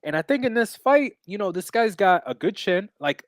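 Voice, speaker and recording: A brash man with a fairly high voice rambles through a casual podcast chat about fight bets, full of fillers and profanity. His voice is recorded close and dry, with no room sound. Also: expressive, normal speed, dry recording. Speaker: podcast co-host and MMA bettor.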